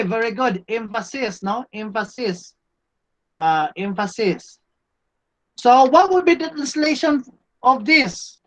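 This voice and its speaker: A man's voice: very high voice, fairly bright tone. A man with a Cebuano Filipino accent giving a classroom grammar lecture, patient and stopping to quiz his students. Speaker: Greek teacher. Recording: dull lo-fi classroom recording.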